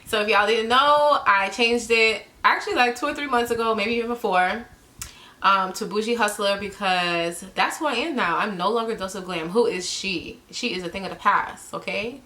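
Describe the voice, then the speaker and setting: A woman's voice: mid-range voice, moderate pace, sharp tone. A woman chatting casually to camera while doing her makeup, playful and a little nervous. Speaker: beauty vlogger.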